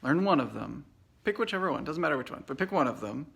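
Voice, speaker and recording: A man's voice: fairly high pitch, fast talker, gravelly, breathy edge. Chatty American man teaching English. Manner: relaxed, chatty, many fillers and restarts. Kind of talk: casual video lesson. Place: away from home at a conference trip. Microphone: Facebook Live video.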